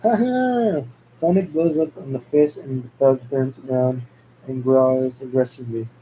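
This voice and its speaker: Amateur male script reader, mellow mid-pitched voice, halting and stumbly. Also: level tone, a little hiss or hum, low-quality recording. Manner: halting, stumbling over words. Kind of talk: amateur script read-aloud.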